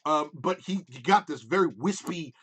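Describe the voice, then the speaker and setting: Give me a man narrating as game master of a tabletop game. His voice sits slightly high, and he rambles with many fillers. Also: expressive, moderate pace, a bit bright, husky.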